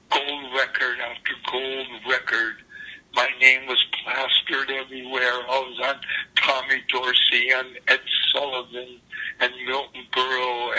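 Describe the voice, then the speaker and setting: An older man quoting a weary male rock star who confides his frustrations to a friend in a low, indignant voice. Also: pushed and bright, low-quality recording.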